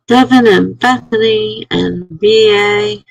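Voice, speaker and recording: A woman's voice: medium pitch, slow pace, gravelly, husky, no room sound, rough recording. A woman chatting casually on a live stream, telling a rambling story to her viewers and sounding tired.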